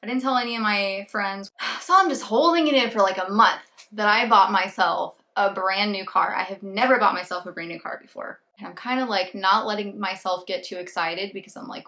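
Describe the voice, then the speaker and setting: Bright-voiced, animated woman vlogger. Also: medium pitch, brisk. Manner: animated, acts out her own thoughts and quoted people. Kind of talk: casual storytelling vlog.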